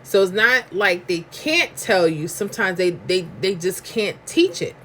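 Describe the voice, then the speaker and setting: A woman's voice: mid-range voice, lively intonation, measured pace, a bit bright, a little hiss or hum. A woman from New York with a New York accent, hosting a live stream in chatty, emphatic slang while reading viewer comments aloud.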